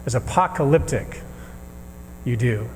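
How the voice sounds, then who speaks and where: A man preaching a sermon as minister, earnest and measured, pausing between phrases. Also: medium pitch, animated. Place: church sanctuary. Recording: reverberant sanctuary with faint hum.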